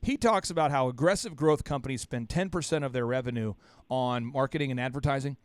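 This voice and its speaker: A man hosting a business podcast, talking in an animated, blunt and teasing way. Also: medium pitch, fast talker, clear, resonant tone, no room sound. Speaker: podcast host. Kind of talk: lively podcast chat.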